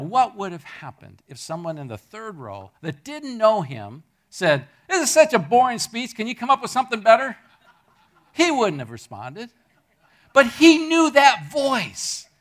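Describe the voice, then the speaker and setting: A middle-aged man preaching a sermon to his congregation. He tells stories in an animated way, jumping from loud peaks to near-murmurs. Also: high voice. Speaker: pastor. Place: church hall with a congregation.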